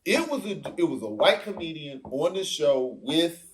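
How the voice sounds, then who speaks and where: An animated man holding forth in a casual podcast chat. His voice sits fairly high and swings widely in pitch as he acts out other people's lines. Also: normal speed, a little hiss or hum. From Africa. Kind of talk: casual discussion.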